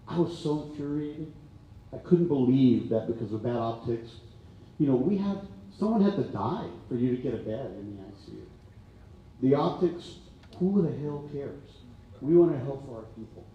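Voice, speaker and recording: A man's voice: medium pitch, lively intonation, moderate pace, dark tone, a little hiss or hum. An older man tells stories at a town hall. He rambles and gets emotional, with lots of "uh"s. He sounds far from the mic in a big, echoey hall, and the sound is muffled. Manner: emotional, rambling storytelling with many fillers. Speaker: county health authority and physician.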